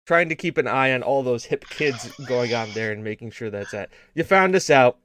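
A man co-hosting a casual gaming stream show, rambling and riffing in deadpan mock-spy bits. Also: mid-range voice, moderate pace, slight background noise. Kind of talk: casual joking chat.

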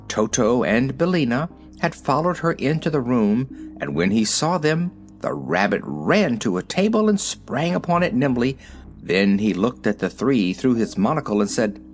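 A man narrating a storybook, reading in an expressive, lively storytelling manner. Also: medium pitch. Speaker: audiobook narrator.

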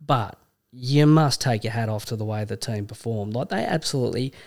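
Gravelly Australian bloke, blunt. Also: male voice, mid-range voice, brisk, darkish tone. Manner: blunt, sweary, laddish banter. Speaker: podcast co-host. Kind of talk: casual sports chat.

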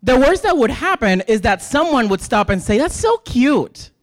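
A man's voice: very high-pitched, very animated, fairly quick, no room sound, clean studio sound. Impassioned Puerto Rican man preaching. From Puerto Rico. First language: Spanish. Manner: earnest, emphatic, rhetorical questions. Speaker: lay preacher addressing a congregation. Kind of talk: impassioned sermon.

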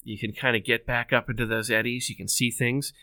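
A man who is a guest on a casual podcast, patiently explaining details. His voice is smooth and bright, recorded close and dry. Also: mid-range voice, little pitch movement, a little fast, no room sound. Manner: explanatory, informative.

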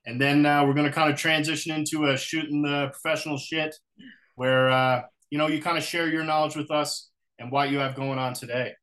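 A man's voice: on the high side, little pitch movement, brisk, a bit bright. A man hosting a recovery podcast, opening the show and guiding a guest in a friendly, informal way. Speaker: podcast host.

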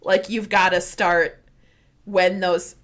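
A woman co-hosting a casual chat, talking in an emphatic, animated, ranting way. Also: lowish voice, takes it slowly.

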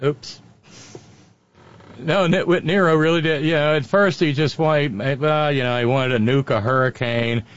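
A man's voice: on the high side, steady tone, a little slow. A man hosting a satirical comedy show, delivering mocking political commentary on slightly muffled audio. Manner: sarcastic, mocking.

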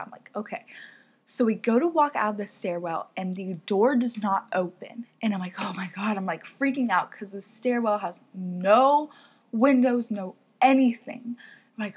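A young woman hosts a podcast, casually telling a story in a chatty, giggly way with lots of fillers and laughs, especially "like." Her voice is mid-range and slightly rough.

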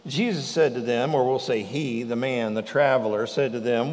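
A male pastor preaching a sermon in a lively way, acting out the lines of the scripture. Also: medium pitch, normal speed, hardly any pauses, in a large hall. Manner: animated preaching, acts out the speakers in the scripture.

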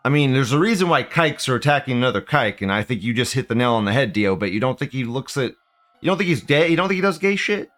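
A man's voice: medium pitch, lively intonation, quick pace, a bit bright. A man hosting a casual livestream, reading out viewer comments and rambling off the cuff with frequent bursts of laughter.

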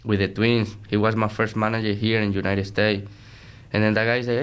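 Earnest man, smooth voice. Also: on the low side, moderate pace. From Venezuela. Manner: earnest, energetic, broken English. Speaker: baseball player, interview guest. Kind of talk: casual interview chat.

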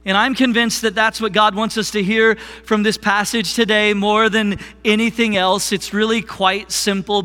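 Slow, high-voiced man preaching a sermon. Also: sharp tone, long reverb tail. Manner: slow, deliberate preaching with call-and-response. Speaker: worship pastor preaching. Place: church sanctuary.

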